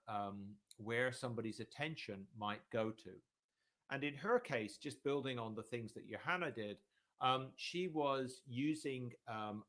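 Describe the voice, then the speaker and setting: A male professor giving an academic lecture in a relaxed, conversational way, with frequent ums and restarts. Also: mid-range voice. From United Kingdom.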